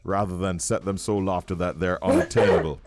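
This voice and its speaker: A man's voice: low voice, steady tone, fairly quick, over a noisy crowd. A man with a Jamaican accent hosting a morning radio show, chatting casually in an upbeat way. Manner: upbeat, chatty, laughs often.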